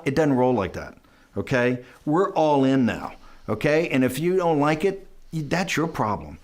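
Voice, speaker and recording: A man at medium pitch and normal speed rambles emphatically through stories while being interviewed in a conversational way. Animated, he imitates other people in quoted asides and frequently ends his points with "right?" and "okay?".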